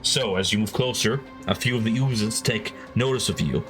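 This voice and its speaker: A man runs a tabletop game, narrating scenes in a low voice. He keeps it casual and loose, dropping "like" and "uh" throughout, over faint background music. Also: normal speed, rough recording. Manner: casual, many fillers like "like" and "uh". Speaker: game master.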